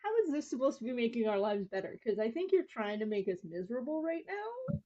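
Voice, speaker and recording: Husky, lively woman on a lo-fi mic. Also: a little high. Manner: teasing, quick to joke. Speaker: player. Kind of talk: casual game chat. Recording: dull lo-fi sound.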